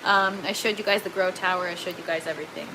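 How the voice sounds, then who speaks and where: A woman's voice: on the low side, fairly even intonation, fast, bright, forceful tone, a little hiss or hum, low-quality recording. A woman hosting a casual livestream, chatting and reading viewer comments aloud, laughing often. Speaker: livestream host. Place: indoor grow tent.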